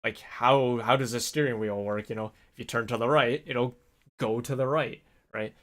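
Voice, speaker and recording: Man, casual vlog storytelling, rambling, animated quoting, mid pitch. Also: normal speed. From North America. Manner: rambling, animated when quoting others, laughs often. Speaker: vlogger.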